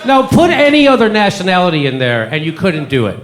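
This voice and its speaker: A man's voice: sits high, wildly swooping pitch, a little fast, a little hiss or hum. A male comedian hosting a live show, ranting sarcastically with lots of swearing at an audience. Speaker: comedian host. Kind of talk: live stand-up commentary. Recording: echoey live room with crowd.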